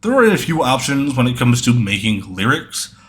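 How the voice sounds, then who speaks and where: A man's voice: medium pitch, very animated, normal speed, fairly bright tone. A young man answering viewer questions in a casual, rambling monologue, full of ums and self-corrections.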